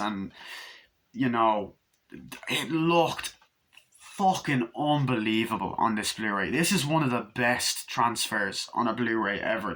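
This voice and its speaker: In a mid-range, slightly bright voice, a man rambles through a casual review of a movie. He's openly enthusiastic and swears heavily as he talks.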